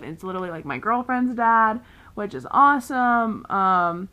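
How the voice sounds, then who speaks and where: A young woman talks through a TV season in an easy, rambling way. She fills her sentences with "like" and "um" and briefly acts out the characters' lines in quick paraphrase as she goes. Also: mid-range voice, very animated, a bit bright. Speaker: vlogger recapping a TV show. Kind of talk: casual chatty recap.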